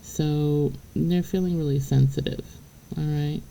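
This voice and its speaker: Her voice is low, gravelly and dark, with fairly even intonation and a measured pace, captured on a rough recording. Addressing the viewer directly, this tarot reader delivers a casual spiritual reading that's blunt and profane, chatty, laughing between points, and dotted with "okay?"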